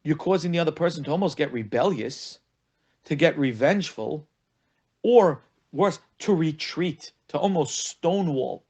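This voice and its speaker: A man's voice: on the high side, moderate pace, husky. A man, a rabbi, teaching a lesson on marriage, telling stories and acting out the people he quotes, often repeating words for emphasis. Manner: animated storytelling, acting out quoted callers. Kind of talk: spoken lesson.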